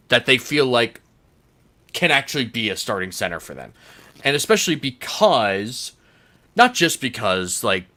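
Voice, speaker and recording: Bright-voiced chatty sports podcast man. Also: mid-range voice. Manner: chatty, rambling, laughs easily. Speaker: podcast host. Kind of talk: casual sports chat.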